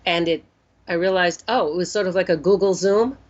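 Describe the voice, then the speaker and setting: A woman in her sixties, an interview guest, telling a personal story in an earnest, unhurried way and voicing her own thoughts as she goes. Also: on the low side. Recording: dull lo-fi recording.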